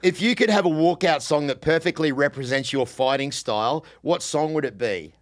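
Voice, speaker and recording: A man's voice: fairly high pitch, normal speed. A man hosting a casual podcast interview, joking and swearing, laughing often. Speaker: podcast host.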